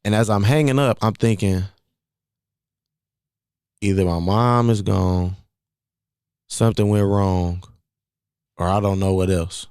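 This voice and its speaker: A podcast host in his twenties tells a personal story in a fairly low, slightly mellow, smooth voice, speaking slowly with a steady tone and long pauses. He's casual and conversational, circling back to repeat key phrases, and the recording is dry and close with no room sound.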